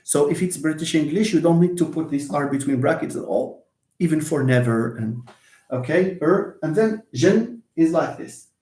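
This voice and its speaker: A man giving a live online English lesson, hesitant with many fillers and restarts, lively when stressing examples. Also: a little high, normal speed. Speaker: English lecturer. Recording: echoey room.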